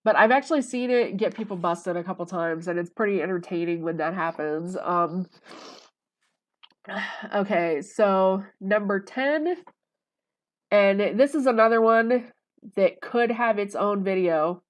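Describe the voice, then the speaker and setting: A woman talking casually to the camera in a rambling, conversational way, full of fillers. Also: medium pitch. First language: English. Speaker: vlogger.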